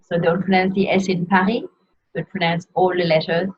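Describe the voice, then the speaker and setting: A woman teaching how to pronounce pastry names in a slow, careful lesson, saying each word and repeating it. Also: on the low side, flat delivery, breathy edge. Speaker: French teacher. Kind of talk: pronunciation lesson. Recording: dull lo-fi sound.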